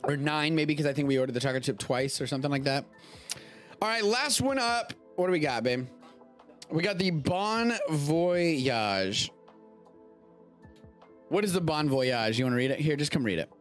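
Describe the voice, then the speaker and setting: A man's voice: on the high side, expressive, normal speed, pauses often, soft background music. Rambling man hosting a casual show. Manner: loose and rambling, swears casually. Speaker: show host. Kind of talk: casual chat, tasting food. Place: home studio during a live stream.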